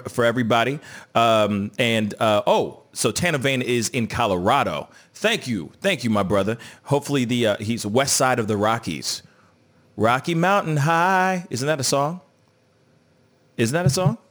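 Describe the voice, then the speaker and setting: A man's voice: mid-range voice, moderate pace, fairly bright tone. A man hosting a live stream, chatting casually and joking while he reads viewer comments aloud. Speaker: host of a live entertainment news stream.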